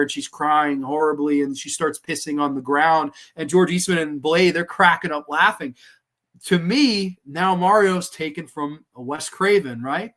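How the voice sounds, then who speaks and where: A man's voice: fairly high pitch, fairly bright tone. A man hosting a podcast, giving a casual, rambling solo film review full of fillers, restarts and swearing. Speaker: podcast host reviewing films.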